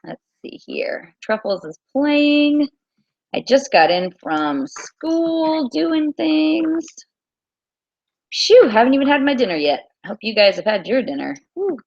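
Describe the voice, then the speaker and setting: A woman teacher hosting a casual quiz livestream from her small home, chatty and repeating things slowly. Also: sits high, lively intonation, a little mellow, dry recording, dull audio.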